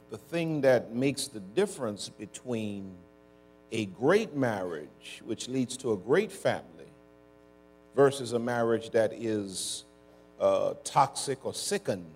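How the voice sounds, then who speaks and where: A man preaching a conversational sermon to a congregation, drawing call-and-response and using folksy words like y'all and ain't. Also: medium pitch. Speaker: pastor. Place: church before a congregation.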